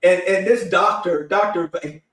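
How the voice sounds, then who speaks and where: A man hosts a live online panel, speaking loosely and conversationally with lots of fillers. His voice sits a bit high for a man. He is set back from the mic in an echoey room. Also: a little slow, far from the mic, crowd noise. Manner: rambling, conversational, many fillers. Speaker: panel host. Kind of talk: casual live panel discussion.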